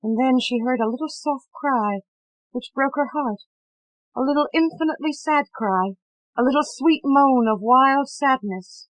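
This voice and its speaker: A woman audiobook narrator reading a novel with a measured, dramatic delivery that drops to hushed passages. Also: high voice, no echo, low-quality recording. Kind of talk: scripted literary narration.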